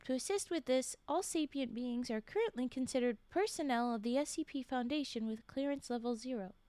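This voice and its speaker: A woman streamer with a high, brisk voice and dark tone reads spooky stories aloud on a casual live stream, often stopping to chat, laugh, react and answer chat, and whispering asides. The recording is dry.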